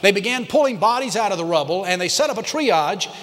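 A man preaching a sermon as pastor to his church, emphatic, repeating key lines and slowing down to stress them. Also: sits high, lively intonation, fairly bright tone. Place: church sanctuary. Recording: long hall reverb.

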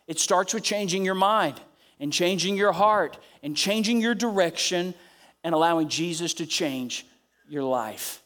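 A man's voice: high-pitched, expressive, measured pace. A man preaching a sermon with passion, repeating phrases for emphasis and building to emphatic peaks. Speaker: pastor. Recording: preaching over background music. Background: soft instrumental music.

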